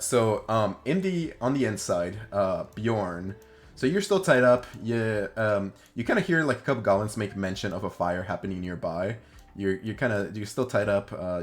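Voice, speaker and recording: A man's voice: fairly low pitch, animated, moderate pace, faint music behind. A young man narrating a tabletop game as game master, rambling with many fillers.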